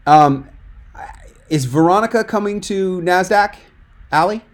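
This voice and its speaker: A man's voice: sits high, measured pace. A man coaching a speaker on a video call, talking in a direct, emphatic and encouraging way. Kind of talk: webinar coaching feedback.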